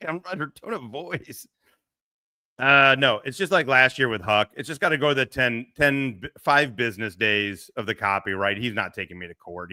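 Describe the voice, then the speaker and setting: A man's voice: medium pitch, pushed and bright, no echo. A middle-aged man hosting a casual livestream, rambling, swearing and laughing often into a close mic. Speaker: livestream host.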